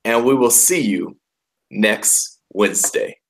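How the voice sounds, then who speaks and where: A man's voice: on the low side, slow pace, a little hiss or hum. A man hosting a wrestling radio show, bantering casually and trash-talking playfully, often repeating himself. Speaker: podcast host.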